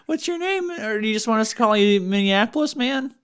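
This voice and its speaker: A woman's voice: fairly high pitch, expressive, a little fast, clear, resonant tone. A woman co-hosting a comedy podcast, reading and asking questions in a mock news-anchor manner. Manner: mock news-anchor delivery, breaking into laughter.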